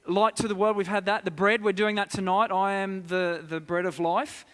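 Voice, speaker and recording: A man's voice: high-pitched, fairly even intonation, moderate pace, a bit bright, clear, resonant tone. Man teaching a church group in a hall. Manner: conversational, asks the congregation questions. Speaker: preacher. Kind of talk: interactive Bible teaching.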